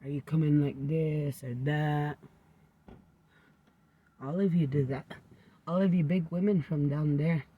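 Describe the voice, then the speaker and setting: A man's voice: on the high side, fairly even intonation, unhurried, pauses often, narrow, tinny audio, slight background noise. A man rambling into a home recording, drifting from topic to topic and often sinking to a near-whisper.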